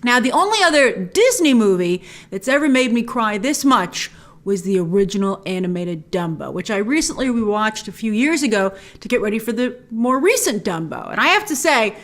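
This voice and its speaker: A young woman talking to camera in a casual film review, chatty and animated, acting out her own reactions in sudden bursts. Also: medium pitch.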